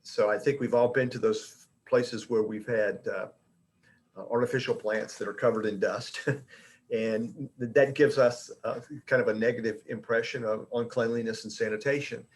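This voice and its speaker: A man's voice: mid-range voice, fairly even intonation, normal speed. A middle-aged man giving an informal talk to colleagues as an education director, speaking conversationally with frequent fillers and restarts. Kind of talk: informal presentation.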